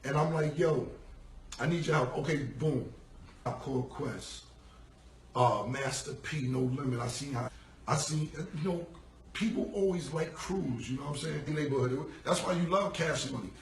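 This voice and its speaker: A man's voice: fairly high pitch, moderate pace, a little hiss or hum. A man casually telling a long story from his past in loose, profane street slang, acting out what people said. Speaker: rapper telling a story on a live stream. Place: room, streaming from a phone. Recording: echoey phone audio from a distance.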